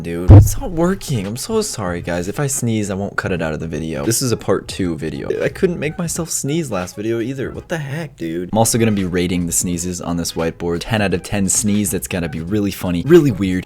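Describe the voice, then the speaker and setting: A man hosting a reaction video in casual, jokey commentary, excitable and swinging from low mutters to squealing laughs. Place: outdoors area with wind nearby.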